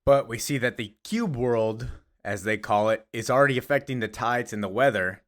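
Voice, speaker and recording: A young man casually recapping a comic story. He rambles, trails off with fillers and shrugs things off. He speaks at an ordinary middle pitch. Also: moderate pace. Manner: rambling, filler-heavy, offhand.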